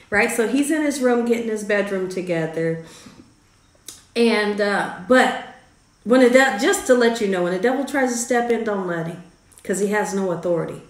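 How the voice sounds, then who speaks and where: A woman's voice: mid-range voice, animated, normal speed. A woman hosting her own vlog, telling a family story in a chatty, faith-filled way. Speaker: cooking channel host. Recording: roomy echo.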